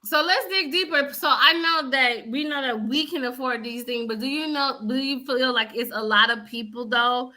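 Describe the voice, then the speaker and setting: A woman hosts a casual chat, steering the talk and putting questions to the others. Her voice is high and bright. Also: moderate pace, few pauses. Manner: leads the talk, asks questions. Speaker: podcast co-host.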